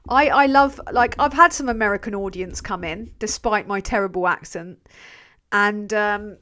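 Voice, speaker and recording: A woman's voice: medium pitch, normal speed, sharp tone. A young English woman chats loosely on her livestream. She drifts from topic to topic, swears without a second thought and laughs easily while she answers her viewers. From England. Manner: swears freely, rambling, laughs often. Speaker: channel host reading live chat. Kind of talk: casual livestream chat.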